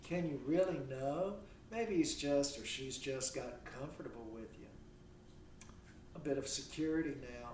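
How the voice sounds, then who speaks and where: This recorded university lecture features a man with a mid-range, slightly mellow voice at a moderate pace. He acts out imagined dialogue and asks rhetorical questions, heard through a distant mic in an echoey room with slight background noise.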